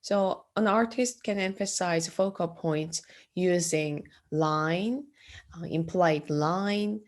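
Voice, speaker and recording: A woman lecturing as an art teacher in a classroom, slow and hesitant, with frequent fillers and throat clearing. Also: fairly low pitch.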